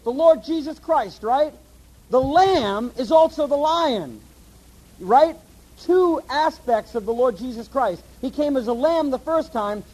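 A man preaching a sermon and teaching from the Bible, animated and asking his listeners questions. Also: extremely high pitch, measured pace, low-quality recording. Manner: animated, asks the audience questions.

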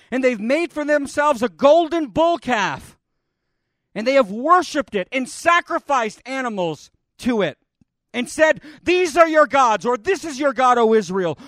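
A man preaching a sermon, dramatic and expressive as he retells a scripture scene. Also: very high voice, no echo, clean studio sound. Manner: dramatic, voices God and Moses in the retelling.

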